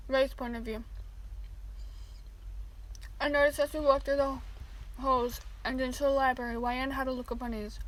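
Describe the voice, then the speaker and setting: High-voiced woman reading fanfiction. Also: poor audio. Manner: casual, apologetic asides. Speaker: fanfiction reader. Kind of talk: casual story reading.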